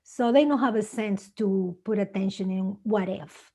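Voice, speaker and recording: A woman from Mexico whose first language is Spanish speaks English with a Mexican accent, telling animated stories in simple, non-native English on a conference panel. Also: medium pitch, moderate pace. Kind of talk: casual panel talk.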